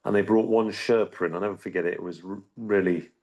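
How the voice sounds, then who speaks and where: Man, middle-aged, lowish voice; earnest interview guest, halting storyteller. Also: fairly even intonation, a little mellow, lo-fi sound. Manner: halting, with frequent restarts and repeated words. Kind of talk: recounting a personal story.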